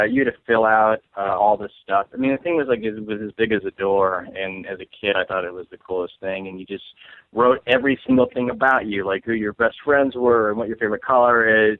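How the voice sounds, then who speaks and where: A man's voice: lowish voice, dry recording. A man from Saint Louis, a comedian guest, chatting casually in a rambling way full of fillers and frequent laughs. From Saint Louis, USA. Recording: tinny phone-like line, dry.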